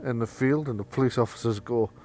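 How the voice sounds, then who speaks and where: A man narrating as game master, relaxed, slipping into quick lines for the police officers. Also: mid-range voice, slight background noise.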